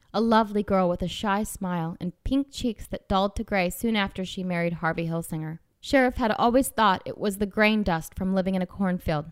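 A woman in scripted story narration, telling it in a measured, dramatic way. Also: mid-range voice, no room sound. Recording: dry close mic with faint music. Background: faint background music.

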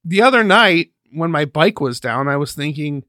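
A man co-hosting a podcast in casual chat, easygoing and quick to laugh. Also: fairly high pitch, expressive, pushed and bright, no echo, studio quality. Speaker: podcast co-host.

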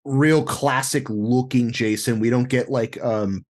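A man with a mid-range voice riffs on a film with his podcast friends. He is animated and jokey, dropping swear words as he goes. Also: medium pitch, unhurried. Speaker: podcast co-host. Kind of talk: casual movie discussion.

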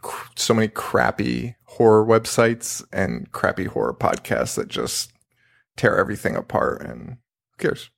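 A man's voice: on the low side, unhurried, vocal fry. A man hosting a podcast in casual chat, joking and laughing as he talks. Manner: laughing, animated, trails off. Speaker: podcast host.

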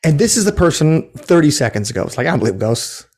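Fairly high-pitched and sing-song, with a darkish tone, this ghost tour operator talks at a quick pace. Telling a story in a casual interview, he meanders, restarts, fixes his words, and acts out quotes.

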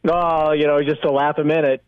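A man calling in to a sports radio show, chatting in a relaxed, rambling way with lots of fillers. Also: a little high, a little fast, smooth, no echo. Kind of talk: casual radio call-in chat. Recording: tinny phone line.

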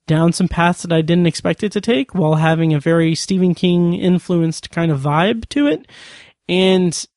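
A man with a slightly high voice talks loosely as a podcast host, stumbling through fillers and restarts. The sound is dry and close, with no room around it. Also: darkish tone, no room sound. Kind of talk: casual review talk.

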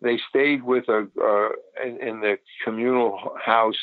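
A man's voice: medium pitch, fairly even intonation, measured pace, no room sound. An older man, a photographer, recalling his past in a rambling, casual interview. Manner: rambling, with many restarts and fillers. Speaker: photographer guest. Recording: tinny phone line, dry.

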